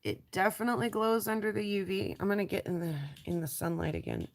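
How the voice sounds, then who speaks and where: A woman with a stuffy nose and a raspy voice from allergies, chatting casually on a live stream as she shows rocks and trails off with ums. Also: mid-range voice, quick pace. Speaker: lapidary showing rocks to viewers.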